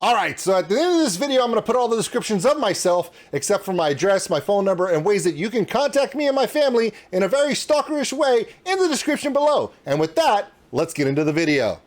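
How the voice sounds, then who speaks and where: A man's voice: high-pitched, quick pace, hardly any pauses. A man hosting his own reaction channel, walking viewers through his home streaming setup in a casual, demonstrative way. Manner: animated and demonstrative, pointing things out. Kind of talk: casual tutorial walkthrough.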